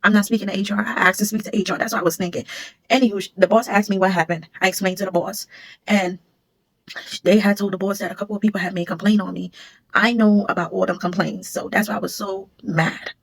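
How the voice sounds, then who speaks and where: A woman's voice: medium pitch, creaky. A woman, a former security supervisor, casually telling a storytime vlog and acting out what others said. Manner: rapid, animated retelling, acting out what others said.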